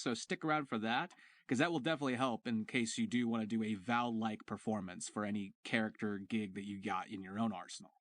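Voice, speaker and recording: A man's voice: medium pitch, a bit bright, no room sound. A young man, a voice actor, casually explaining how he built a character voice, chatty and a bit profane, with loose asides. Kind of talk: casual tutorial talk.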